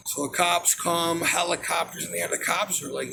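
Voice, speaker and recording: Gravelly man telling a profane story. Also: fairly high pitch, normal speed, background noise. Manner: profane, rambling, animated retelling. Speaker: storyteller recounting a personal experience. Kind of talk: casual personal storytelling.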